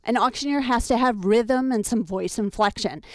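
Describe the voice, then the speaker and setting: A woman auctioneer, explaining her trade in an interview and breaking into a rapid rhythmic auction chant. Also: fairly high pitch, darkish tone, no room sound, studio quality. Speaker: auctioneer guest.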